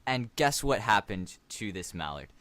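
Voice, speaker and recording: A young man co-hosting a casual podcast, carrying an improvised story forward with playful, deadpan teasing. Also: lowish voice, normal speed. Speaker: podcast co-host.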